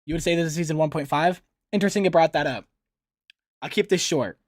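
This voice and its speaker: A man's voice: on the high side, fast talker, dry recording, studio quality. Chatty man reacting to a cartoon. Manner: chatty, excitable, laughs easily. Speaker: reaction video host. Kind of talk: casual reaction commentary.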